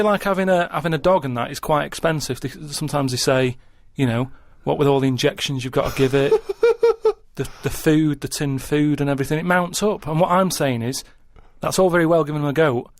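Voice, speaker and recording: A man in casual radio chat, talking in a deadpan, plodding way and keeping on asking "right?" as he reasons things through. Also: on the high side, normal speed, no room sound, studio quality. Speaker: radio show regular. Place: radio studio.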